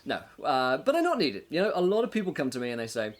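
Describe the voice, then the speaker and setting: Chatty game master host, upbeat rambler. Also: male voice, fairly high pitch, wildly swooping pitch, fast. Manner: upbeat and chatty, laughing between thoughts, many filler words. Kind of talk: casual livestream monologue with tips for game masters.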